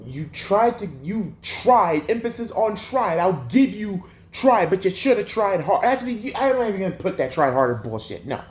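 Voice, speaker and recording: A man's voice: sits high, very animated, a little fast, few pauses, roomy sound, faint music behind. A man hosting a sports livestream, ranting in an exasperated, profane way with lots of rhetorical questions. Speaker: sports channel host.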